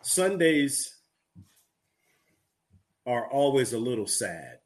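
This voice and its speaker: A man's voice: medium pitch, very animated, slow pace. A man co-hosting a podcast, telling jokes as casual stories and drawing out the punchlines. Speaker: podcast co-host.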